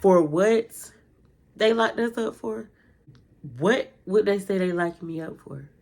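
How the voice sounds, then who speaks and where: A young woman, telling a personal story to her viewers in casual vlog style, jumping high when she acts out her own lines. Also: takes it slowly, soft background music. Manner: animated retelling, jumps to high pitch when quoting herself. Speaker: storytime vlogger.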